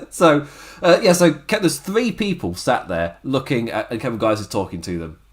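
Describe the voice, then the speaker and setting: A man's voice: medium pitch, normal speed. A man hosting a casual wrestling review podcast, laughing often and acting out the wrestlers' lines. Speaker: podcast host.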